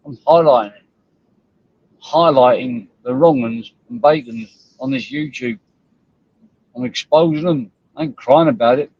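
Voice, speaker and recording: A man's voice: a little high, lively intonation, a little slow, gravelly, long pauses, slightly rough, dry recording. A man hosting a live stream, ranting bluntly and scornfully at viewers and rivals, with frequent swearing. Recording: dull lo-fi stream audio.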